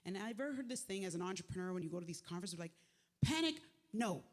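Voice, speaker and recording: A woman giving a live motivational faith talk, conversational and lively, with slangy asides to the crowd. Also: fairly low pitch, very fast. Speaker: speaker at a faith event. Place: large venue, live event. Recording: echoey hall with long reverb.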